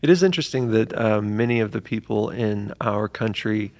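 Man, mid pitch, gravelly, conversational, affirming. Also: normal speed, darkish tone. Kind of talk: casual conversation.

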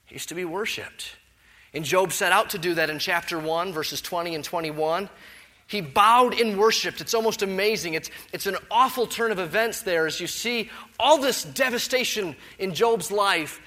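A man preaching an expository sermon, emphatic, firing loud rhetorical questions and then dropping to a soft reflective tone. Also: sits high, normal speed.

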